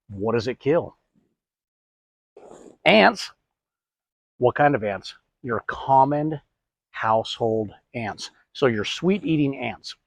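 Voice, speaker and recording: A man's voice: medium pitch, no room sound. A middle-aged man hosting a DIY product tutorial, chatty, asking and answering his own questions. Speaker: host.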